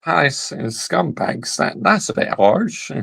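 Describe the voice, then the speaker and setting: A man's voice: on the high side, sing-song, a little slow, gravelly, fairly bright tone, breathy edge, rough recording. A man hosting a casual football reaction video, talking bluntly with slang and the odd swear word.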